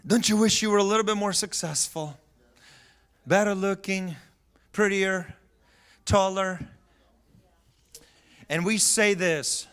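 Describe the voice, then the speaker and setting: A man preaching a sermon as pastor, telling stories in a lively way, laughing and acting out what people said. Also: high voice, takes it slowly, long pauses, clear, resonant tone. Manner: animated storytelling with laughter and acted-out voices. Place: church sanctuary.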